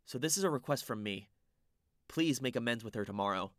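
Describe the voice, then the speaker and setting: A man voices a composed, polite teenage boy who speaks with confidence. The tone is bright and lively and slightly raised. The room is dry. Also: mid-range voice, brisk, no room sound, natural voice.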